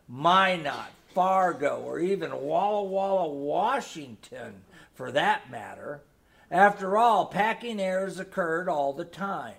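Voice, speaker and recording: Slow high-voiced male storyteller. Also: fairly bright tone. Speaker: narrator. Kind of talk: storybook reading.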